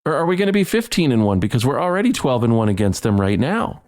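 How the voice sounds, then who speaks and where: A man's voice: medium pitch, big pitch swings, quick pace, darkish tone. Heated man ranting on a sports podcast. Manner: heated, repetitive, stumbling over words. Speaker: podcast host.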